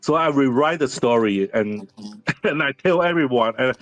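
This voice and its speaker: A man in his fifties whose first language is Mandarin, a series director telling personal stories in halting English with many restarts. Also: mid-range voice, expressive, dry recording, lo-fi sound, soft background music. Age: 50s. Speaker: series director, interview guest. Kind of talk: candid interview storytelling.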